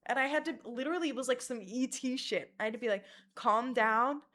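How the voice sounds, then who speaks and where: A young woman telling wild personal stories in a casual vlog, crude and animated, slipping into mocking voices. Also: fairly high pitch, a little fast. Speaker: vlogger.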